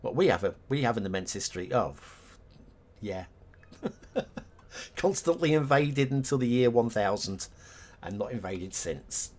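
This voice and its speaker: A man's voice: medium pitch, animated, measured pace, long pauses, a little mellow. A man streaming a city-building game live, chatting casually with viewers, thinking aloud and laughing often; English is not his first language.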